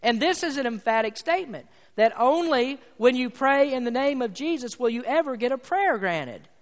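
A man's voice: extremely high pitch, lively intonation, normal speed. A man preaching a sermon as pastor, emphatic and building to fervent peaks. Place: church sanctuary. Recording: long hall reverb from church sanctuary.

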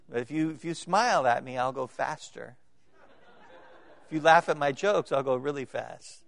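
A male pastor preaching a sermon, swinging between loud emphatic declarations and quiet joking asides to the congregation. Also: high-pitched, lively intonation, normal speed. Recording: long reverb of a large hall.

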